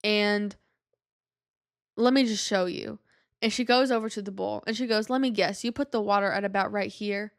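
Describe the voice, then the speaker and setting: A young woman hosting a podcast, telling a story in a chatty, animated way and acting out the voices of people she quotes. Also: mid-range voice, moderate pace. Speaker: podcast host. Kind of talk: casual storytelling monologue.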